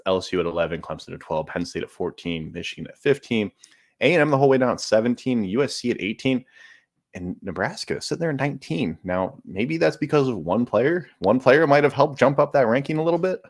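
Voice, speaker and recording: A man's voice: mid-range voice, fast talker. A man co-hosting a sports podcast, talking casually and running through rankings matter-of-factly. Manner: steady, lists stats and rankings matter-of-factly. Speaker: podcast co-host.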